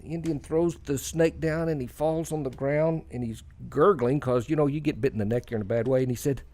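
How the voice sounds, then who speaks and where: Rambling, folksy radio host. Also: male voice, a little high, fairly quick, darkish tone. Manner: rambling, folksy, self-deprecating with frequent fillers. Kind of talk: casual radio chat and storytelling.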